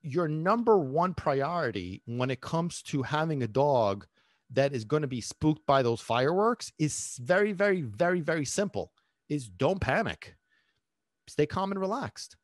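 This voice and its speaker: A man hosting a podcast as a dog trainer, talking in an animated way, acting out little voices and asking listeners questions. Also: on the high side, measured pace, no echo, clean studio sound. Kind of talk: podcast monologue.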